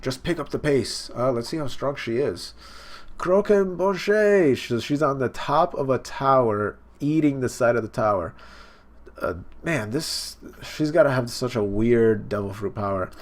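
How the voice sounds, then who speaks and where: A man's voice: mid-range voice, normal speed. A man hosting a live reaction, reading a comic and talking casually with many fillers. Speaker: reaction video host.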